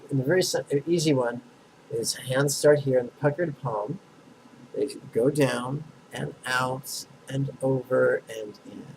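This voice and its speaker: A man teaching a meditation lesson, talking bluntly and drawing syllables out slowly for listeners to repeat. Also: mid-range voice, gravelly, mellow, a little hiss or hum, poor audio. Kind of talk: guided meditation lesson with call-and-response chanting.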